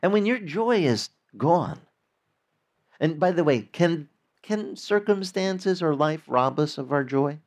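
A man preaching a sermon in a lively, conversational way, acting out little quotes as he goes. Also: on the high side, slow. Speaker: pastor.

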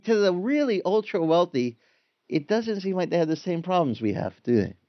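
A man preaching a sermon, conversational and animated, acting out the voices of people in the story. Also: sits high, moderate pace, muffled recording. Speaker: pastor.

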